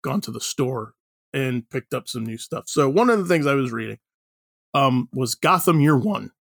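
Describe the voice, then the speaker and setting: A man's voice: mid-range voice, lively intonation, normal speed, gravelly, a bit bright, no room sound, clean studio sound. A man co-hosting a podcast, talking casually and rambling, with many fillers and restarts. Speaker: podcast co-host. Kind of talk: casual chat.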